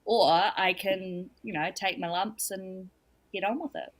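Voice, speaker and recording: A woman's voice: medium pitch, unhurried. A young adult woman, a guest telling her story candidly and with humour in a casual podcast chat. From New Zealand.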